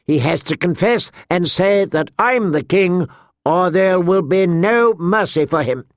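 A man performs a petulant, cruel boy king in an imperious mood, pitching his voice high above his natural one. The delivery is lively in intonation yet measured in pace, captured in clean studio sound with no room echo.

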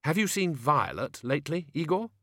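A man voicing a young woman in a hurry, who talks clipped and pressing, pitched higher than his own voice. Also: sing-song, moderate pace, a bit bright, no room sound, clean studio sound. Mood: urgent.

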